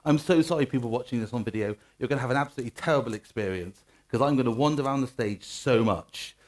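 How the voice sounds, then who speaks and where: A man's voice: medium pitch, fast, a little mellow. A man in his forties with a Bristol West Country accent, giving a jokey, self-mocking conference talk on stage and drawing the audience into call-and-response. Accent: West Country English (Bristol). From Bristol, West Country of England. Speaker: conference speaker, agile coach.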